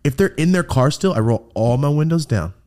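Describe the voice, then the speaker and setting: A man's voice: on the high side, expressive, fairly quick, darkish tone. A man hosting a podcast, telling stories in casual chat, swearing often and laughing as he talks. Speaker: podcast host.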